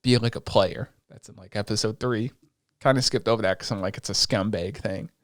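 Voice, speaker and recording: A man co-hosting a podcast, chatting casually and excitedly with plenty of swearing as he retells scenes. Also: lowish voice, a little fast, no echo, studio quality. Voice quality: excitable, profane, retells scenes in quoted voices. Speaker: podcast co-host. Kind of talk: casual chat recapping an anime.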